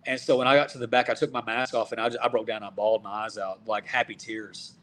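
A man's voice: mid-range voice, quick pace. Man, from Texas, 30s, wrestler guest, casual storytelling, acts out quotes. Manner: animated, acts out quoted dialogue.

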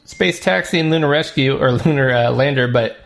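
A man's voice: mid-range voice, a little fast, creaky. A man co-hosting a casual retro gaming podcast, easygoing and joking, chatting about games with his co-host. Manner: easygoing, laughs often, joking asides.

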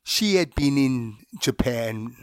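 A middle-aged man from Zimbabwe, a guest in an interview, telling stories about his life in a relaxed, anecdotal way and chuckling as he recounts them. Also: mid-range voice, slow, very noisy. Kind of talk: reflective storytelling in an interview.

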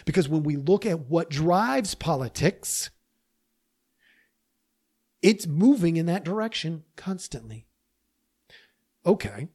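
A man hosting a podcast delivers a monologue straight to his listeners. His manner is emphatic and animated. He talks the way someone would when making a persuasive case. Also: on the high side. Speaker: podcast host. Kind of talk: opinion monologue.

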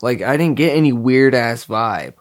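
A young man telling stories in a relaxed, rambling way, full of slang and swearing. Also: medium pitch, normal speed. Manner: laid-back, rambling storyteller with lots of slang and swearing. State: dry mouth, slightly hoarse. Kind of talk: casual chat.

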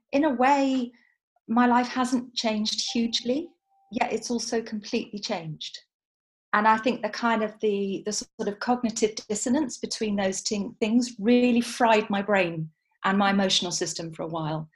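A woman's voice: fairly high pitch, moderate pace. A woman who founded a support network, talking thoughtfully as a guest on a group video call. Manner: thoughtful, reflective. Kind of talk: casual group chat on a call.

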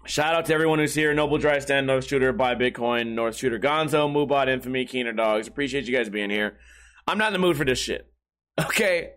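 A man hosting his own podcast, hoarse and with a failing voice, grumbling and cursing his way through a casual rant. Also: medium pitch, brisk, fairly bright tone. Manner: profane, grumbling, self-deprecating. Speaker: podcast host.

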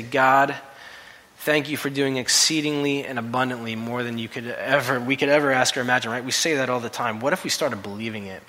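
A man preaching a sermon, telling stories and rising to loud, emphatic quotes. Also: medium pitch. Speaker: pastor. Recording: long reverb of a hall.

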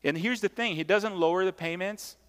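A man's voice: high-pitched, a little fast, clean tone. A man preaching a sermon as pastor, emphatic and conversational, repeating key points and tossing asides to the congregation. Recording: long hall reverb.

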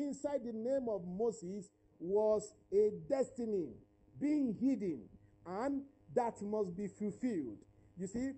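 A man's voice: very high-pitched, warm tone, rough recording. A male pastor preaching and praying fervently, declaring and repeating phrases. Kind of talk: sermon and prayer.

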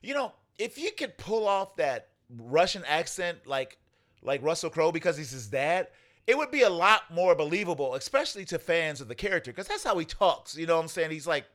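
A man co-hosting a casual movie podcast, animated and laughing, swearing and mocking voices as he jokes. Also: fairly high pitch, a little fast. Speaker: podcast co-host.

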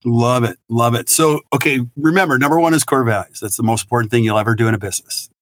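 A middle-aged man, a business consultant guest on a podcast interview, talking in an energetic, emphatic and blunt way. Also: mid-range voice, quick pace, no echo, studio quality.

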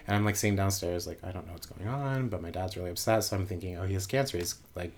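A man's voice: deep voice, quick pace, a little hiss or hum. A man in his late twenties casually telling a personal story, rambling with lots of asides. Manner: rambling, full of fillers and asides. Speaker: guest storyteller.

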